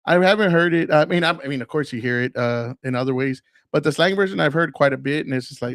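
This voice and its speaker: Man in his forties, casual podcast rambling, swears a lot, lingering cough, slightly high voice, dry close sound. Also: fast, a bit bright, no echo. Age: 40s. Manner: loose, profane, rambling with many fillers. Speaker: podcast host. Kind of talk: casual solo podcast talk.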